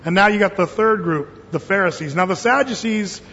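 Male pastor, high voice, folksy joking sermon, dull recording with long hall echo. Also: moderate pace, bright, forceful tone. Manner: folksy storytelling with jokes and quoted voices.

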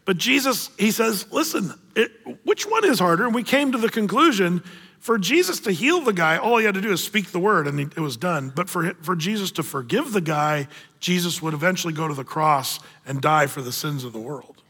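A man preaching a sermon as pastor, animated and acting out the voices of the people in the story. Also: high-pitched, fairly quick, breathy edge, in a large hall.

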